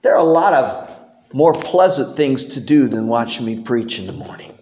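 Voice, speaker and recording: A man preaching a sermon in a church, animated and emphatic, with homely humor. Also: mid-range voice, normal speed. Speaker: pastor. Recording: roomy echo.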